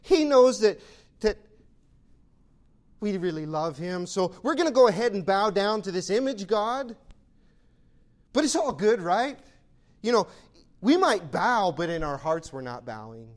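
A man's voice: high voice, sing-song, a little slow, long pauses. A male preacher voicing a timid believer who talks himself into going along with a compromise. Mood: rationalizing. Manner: rationalizing, hesitant, self-excusing.

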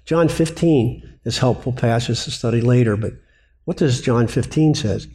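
A man preaching a sermon on biblical counseling, lively, who keeps asking rhetorical questions and answering them himself. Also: mid-range voice, moderate pace.

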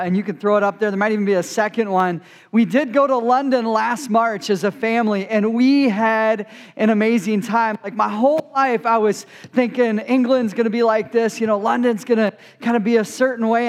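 High-voiced man telling a story in a hall. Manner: animated storyteller, quick asides. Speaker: guest speaker. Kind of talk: storytelling talk to a youth group.

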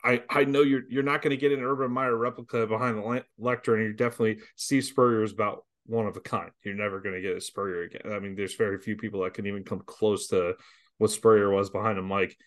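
A man co-hosting a football podcast in casual chat, measured and agreeable as he adds his own point. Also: on the low side, fairly even intonation. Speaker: co-host of a college football podcast. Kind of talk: casual sports talk.

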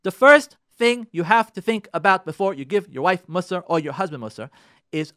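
On a radio show, a rabbi with a high-sitting, expressive voice speaks fairly quickly in an impassioned talk urging his listeners. He repeats his key points, swinging between loud pressing and soft pleading. The sound is dry and studio quality.

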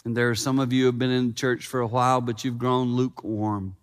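A man preaching a sermon in a church, animated and emphatic, slowing down for his earnest points. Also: mid-range voice, clear, resonant tone. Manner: animated, building to loud emphasis, then slow and earnest. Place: church sanctuary. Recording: long reverb in church hall.

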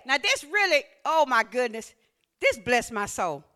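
High, bright-voiced woman preaching. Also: very animated, unhurried. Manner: call-and-response, builds to shouting. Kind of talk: sermon.

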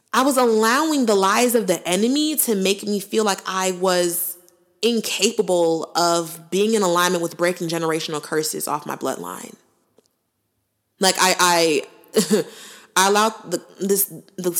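A woman's voice: mid-range voice, a little slow. A woman in her twenties hosting a faith podcast, talking in an earnest, conversational way with preacherly asides. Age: 20s. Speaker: podcast host. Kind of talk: faith-based podcast monologue.

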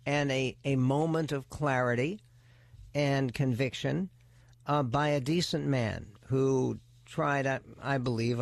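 A man hosting a talk radio show, giving opinionated political commentary in a measured, deliberate way with emphatic stresses. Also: mid-range voice, no echo. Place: radio studio. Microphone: close studio microphone.

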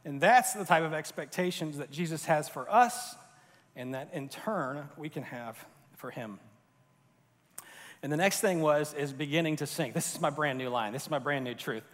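Man from Florida, a bit high in pitch, conversational pastor, hall reverb. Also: moderate pace, fairly bright tone. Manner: conversational, with fillers and restarts. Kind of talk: sermon.

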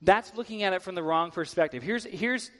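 A man's voice: high voice, brisk. A man giving a sermon as a guest preacher in a church, talking in a conversational way with casual filler words. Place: church sanctuary. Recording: long hall reverb.

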